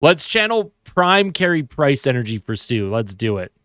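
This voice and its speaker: Chatting with fans and responding to their comments, a sleepy, yawning man hosts a casual livestream from home. His mid-range voice is very animated and fairly bright at normal speed, captured in a dry, clean studio-quality recording.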